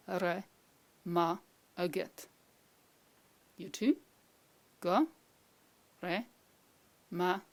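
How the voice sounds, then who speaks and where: A woman language teacher giving a pronunciation lesson to camera, saying phrases slowly for the learner to repeat and praising each try. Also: medium pitch.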